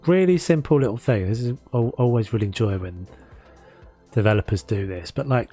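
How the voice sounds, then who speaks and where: A man's voice: medium pitch, darkish tone. A man with a South London accent chatting casually and rambling, self-mocking, while building in a game. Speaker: gaming streamer. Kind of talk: casual gameplay commentary.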